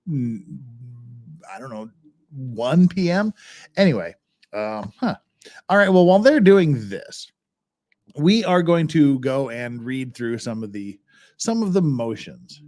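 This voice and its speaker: A man's voice: medium pitch, very animated, slow, a little mellow. A man hosting a livestream, chatting casually and thinking aloud as he goes through documents. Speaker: livestream host.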